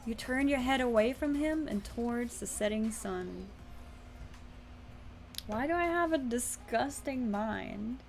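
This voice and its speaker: Young woman streamer, fry-heavy voice, casual and chatty, reads a story game aloud. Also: a little high, animated, slow pace. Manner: chatty, swears casually, talks to chat and her cat. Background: faint music.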